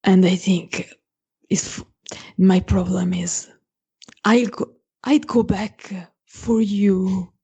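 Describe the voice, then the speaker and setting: A woman in whispered role-play as a fiercely protective female vampire, making halting, earnest vows in a husky whisper. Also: medium pitch, steady tone, mellow, exaggerated voice. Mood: tender, resolute. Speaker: player.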